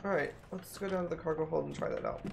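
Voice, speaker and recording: Animated and quick, a medium-pitched voice with vocal fry narrates a mystery game. The streamer puzzles things out aloud, musing and often saying things twice, over slight background noise.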